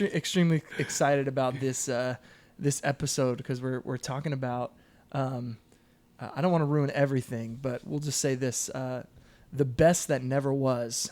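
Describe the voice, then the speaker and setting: A young man co-hosting a sports podcast, eager and joking, often stumbling and restarting his sentences. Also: medium pitch. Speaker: podcast co-host. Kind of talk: casual sports chat.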